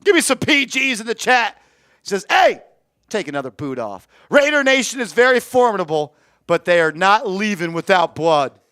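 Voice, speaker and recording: Man doing live fan play-by-play, very high voice, crisp and dry, excitable. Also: normal speed, no echo. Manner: excitable, shouts on big plays, reads chat aloud. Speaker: fan streamer calling play-by-play.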